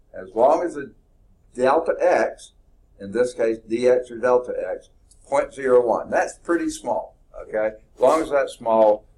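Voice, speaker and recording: A man's voice: medium pitch, a little mellow, husky. A middle-aged man, teaching a math class in an informal, folksy way and thinking aloud as he corrects himself. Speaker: math instructor. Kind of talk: classroom lecture.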